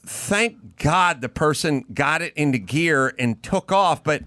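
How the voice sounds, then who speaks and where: Animated, lively-voiced male podcast host. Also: fairly high pitch, slow pace, dry recording, studio quality. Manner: animated storytelling, rising to outraged emphasis. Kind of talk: casual chat.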